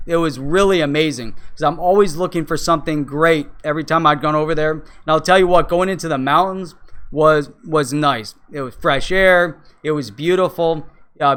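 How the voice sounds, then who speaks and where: A man's voice: fairly high pitch, a bit bright, clean tone. A man hosting a show, telling a long travel story casually, with many fillers and restarts. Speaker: crypto show host.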